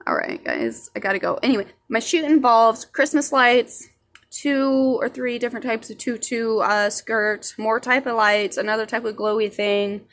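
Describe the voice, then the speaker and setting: A woman's voice: on the high side, expressive, normal speed, a bit bright. A young woman telling a rambling story in a casual vlog, swearing freely and chatty. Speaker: vlogger.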